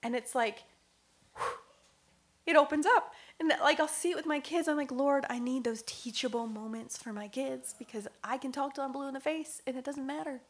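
Woman co-host, earnest reflective faith talk, gravelly fry in the voice, laughs a lot, slips into soft near-whispers. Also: fairly high pitch. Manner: thinks aloud with fillers and restarts.

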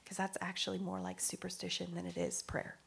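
Woman co-host, earnest reflective faith talk, gravelly fry in the voice, laughs a lot, slips into soft near-whispers. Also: on the low side, monotone, fairly quick. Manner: thinks aloud with fillers and restarts.

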